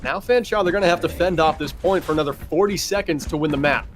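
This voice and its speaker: A man's voice: a little high, fast talker, soft background music. A young man giving analytical esports commentary, breaking down team fights and asking his co-caster questions.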